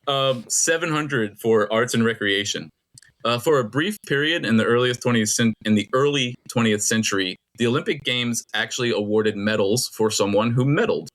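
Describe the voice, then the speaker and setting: A middle-aged man hosting a casual podcast trivia quiz, rambling and laughing often as he reads clues slowly. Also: medium pitch, fairly bright tone.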